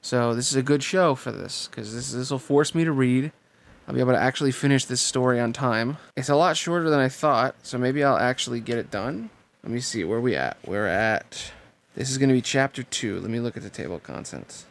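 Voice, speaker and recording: A man's voice: medium pitch, expressive, fairly quick, gravelly. A man reading a novel aloud and then chatting casually, swearing freely and enthusiastic. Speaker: reader and host.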